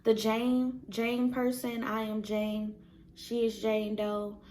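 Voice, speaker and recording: A woman's voice: fairly high pitch, completely flat delivery, takes it slowly, dark tone, slight background noise. A young pregnant woman, chatting casually on her vlog and filling her stories with "like" and laughs. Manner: chatty, storytelling with many "like" fillers and laughs. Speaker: vlogger. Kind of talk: casual chat.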